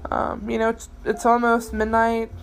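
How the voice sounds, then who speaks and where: A woman's voice: on the high side, monotone, normal speed, gravelly, soft background music, low-quality recording. A young adult woman hosting a podcast, talking through a bad day in a rambling, emotional way with many fillers and restarts, and she swears casually. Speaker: podcast host. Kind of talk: personal late-night monologue.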